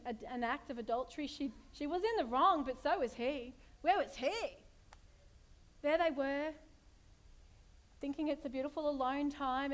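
A middle-aged woman preaches a sermon in a high voice. She retells the story expressively and keeps turning to the congregation with rhetorical questions.

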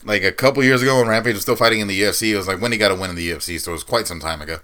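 A man's voice: fairly low pitch, racing, bright, forceful tone. A man co-hosting a podcast, telling loose stories with laughs and swearing in casual chat. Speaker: podcast co-host. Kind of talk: casual chat about fighting sports.

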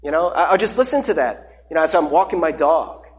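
A man's voice: on the high side, lively intonation, a little fast. A man preaching a conversational sermon as pastor, with many fillers and repeated words.

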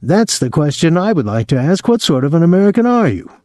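A man's voice: mid-range voice, animated, a little fast, dark tone, no room sound, clean studio sound, pitched above the performer's own voice, natural voice. A man voicing a bold teenage boy, confident and mock-pompous. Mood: taunting.

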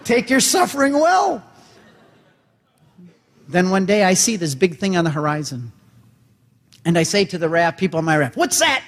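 A man with a high voice gives a dramatic, storytelling talk in a large hall, and he jumps between voices as he acts out each exchange. His words ring out with a long reverb tail behind them. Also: animated, moderate pace, pauses often. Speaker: speaker and convert giving a talk.

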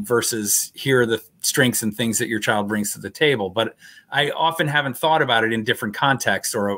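Man, bright voice, friendly co-host, hesitant, many fillers. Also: medium pitch. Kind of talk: casual interview chat.

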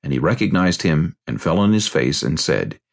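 A man with a low voice that has a gravelly edge narrates scripture in a deliberate, measured way. His pitch rises and falls a lot as he reads. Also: very animated.

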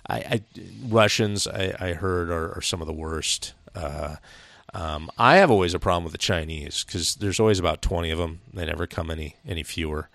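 A man's voice: deep voice, normal speed, a bit bright, dry recording. A man from Seattle co-hosting a podcast, talking casually with an emphatic, profane, opinionated manner. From Seattle, USA. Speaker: podcast co-host. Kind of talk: casual chat.

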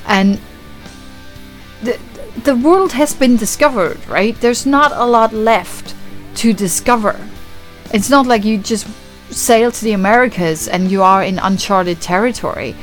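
A woman hosting a podcast, casually recapping a film with lots of swearing and acted-out reactions. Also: mid-range voice. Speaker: podcast host. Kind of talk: casual film review chat.

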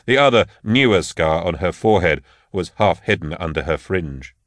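A man narrating an audiobook in a measured, steady way. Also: deep voice, dry recording. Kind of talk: scripted narration.

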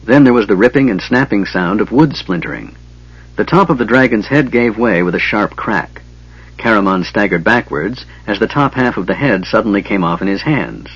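A man narrating an audiobook in a steady, even reading. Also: on the low side, moderate pace, husky. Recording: dull lo-fi, dry.

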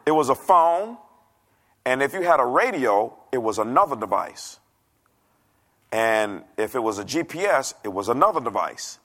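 A man's voice: mid-range voice, sing-song, normal speed, fairly bright tone. A middle-aged man preaching a sermon from a church stage, conversational and joking, acting out the voices he quotes. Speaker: pastor.

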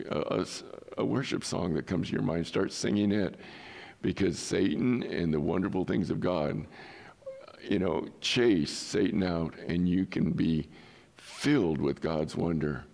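A male pastor preaching a sermon in an emphatic way, with rhetorical questions and pauses. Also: low voice, gravelly, darkish tone.

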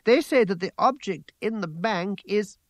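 A man reading aloud gives a passionate, imperious young woman a higher, louder, emphatic voice. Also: unhurried, no room sound. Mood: challenging.

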